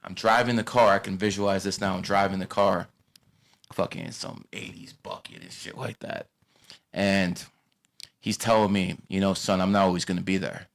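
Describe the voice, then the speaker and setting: A man in his thirties hosting a casual chat, blunt and profane, swinging from loud rants to low asides. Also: steady tone, normal speed, creaky. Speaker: podcast host.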